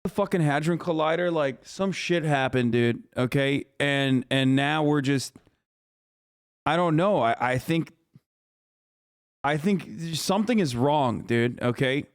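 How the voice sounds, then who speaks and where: A man's voice: a little high, unhurried, clear, resonant tone, dry recording, studio quality. A man in his thirties, a live streamer reacting to news in profane, sarcastic rants. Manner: sarcastic, swears constantly, rants over the broadcast.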